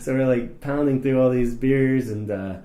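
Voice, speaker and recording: Man, podcast co-host, casual rambling anecdote, frequent laughs, middle pitch, roomy echo. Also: moderate pace, mellow. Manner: rambling storyteller, swears, laughs often. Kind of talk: casual chat.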